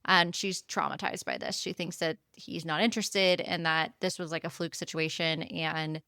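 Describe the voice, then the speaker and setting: A woman's voice: lowish voice, flat delivery, normal speed, bright, forceful tone, no room sound, clean studio sound. A woman co-hosting a book podcast, chatting casually and animatedly about a novel and acting out the characters' lines. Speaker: podcast co-host.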